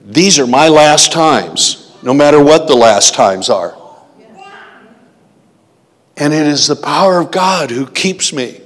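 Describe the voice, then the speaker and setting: A man's voice: fairly high pitch, expressive, takes it slowly, pauses often. A man preaching a sermon, reading hymns and scripture and asking the congregation questions. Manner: teaching, asks the congregation questions. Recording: long hall reverb.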